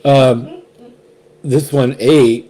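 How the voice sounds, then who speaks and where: A man's voice: mid-range voice, extremely slow, warm tone. A man hosting a casual whiskey tasting chat, rambling and restarting often as he shares his impressions. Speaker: whiskey reviewer, co-host.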